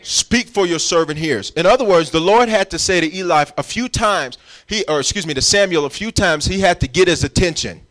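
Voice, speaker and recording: A man's voice: sits high, animated, brisk, hardly any pauses, fairly bright tone. A man preaching a sermon as pastor, emphatic and urging his congregation along as he explains scripture. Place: church.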